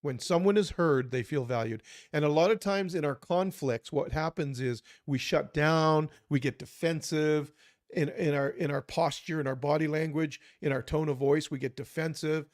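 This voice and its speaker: A man's voice: fairly high pitch, steady tone, normal speed, no echo, studio quality. A man co-hosting a podcast, talking earnestly about communication and acting out short example dialogues. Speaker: podcast co-host. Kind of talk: conversational advice talk.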